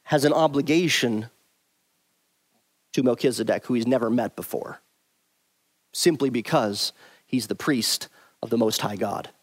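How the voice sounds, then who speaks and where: A man's voice: medium pitch, measured pace, long pauses. A man teaching through a Bible passage verse by verse, stressing and repeating his key points emphatically.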